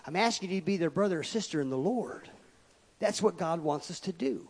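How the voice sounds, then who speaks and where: A man's voice: sits high, expressive, brisk, breathy edge. Emphatic man preaching in a hall. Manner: emphatic, swings from loud to quiet asides. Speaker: pastor. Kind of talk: sermon. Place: church sanctuary. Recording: long reverb of a church hall.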